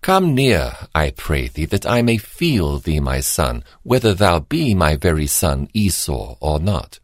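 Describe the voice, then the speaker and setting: Old blind dad, slow and solemn, deep husky voice, man reading him. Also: sing-song, dry recording, clean studio sound, heavily acted. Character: old blind father, frail and dying.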